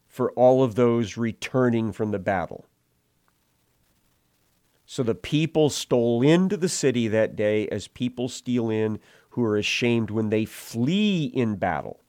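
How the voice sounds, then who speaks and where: A man preaching an expository sermon, retelling the passage verse by verse in a measured, explanatory way. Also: mid-range voice, a little mellow, dry recording, clean studio sound.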